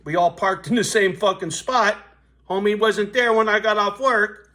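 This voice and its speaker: A man's voice: sits high, fairly even intonation, moderate pace, sharp tone. Profane, streetwise storytelling man. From US West Coast. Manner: blunt, profane, streetwise, keeps asking "right?". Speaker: vlogger.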